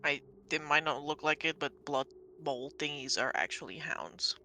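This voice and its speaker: A woman acting as game master of a tabletop game, narrating scenes and making dry, deadpan asides to the players. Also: low-pitched, moderate pace.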